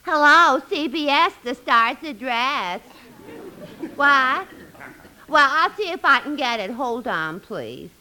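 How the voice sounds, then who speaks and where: A woman's voice: high-pitched, animated, slow, pushed and bright, a faint crowd, slight background noise, full character voice, low-quality recording. An actress playing a brassy female switchboard operator in a 1940s radio comedy.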